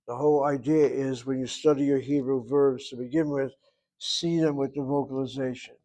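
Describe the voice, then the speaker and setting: A man's voice: mid-range voice, steady tone, normal speed, mellow. A man teaching a Hebrew grammar lesson, explaining patiently and methodically and repeating words as drills.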